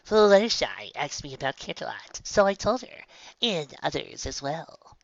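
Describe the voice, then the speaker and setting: A woman's voice: deep voice, big pitch swings, a little slow, vocal fry, no room sound, heavily acted. A woman voicing a once-boastful young female unicorn who sometimes calls herself by name, recorded on a dull lo-fi home setup. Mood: earnest. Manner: speaks of herself in third person at times, soft storytelling.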